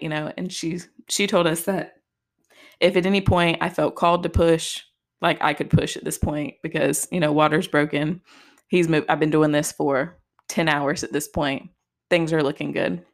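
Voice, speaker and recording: A woman's voice: deep voice, steady tone, normal speed. A young woman telling a personal story on a podcast in a casual, chatty way, full of "like" and "just". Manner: chatty, heavy use of "like" and "just". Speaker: podcast host.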